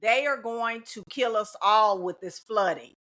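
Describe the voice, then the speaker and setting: A woman's voice: mid-range voice, measured pace, sharp tone. A middle-aged woman, a teacher in a casual podcast conversation, talking emphatically and repeating her key points. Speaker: teacher and guest.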